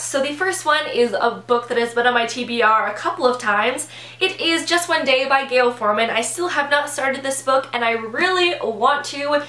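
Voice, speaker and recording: A woman's voice: a little high, bright, forceful tone, reverberant. A young woman book vlogger chatting to camera, eager and chatty, with a voice that is giving out. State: losing her voice. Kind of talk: casual chat to camera.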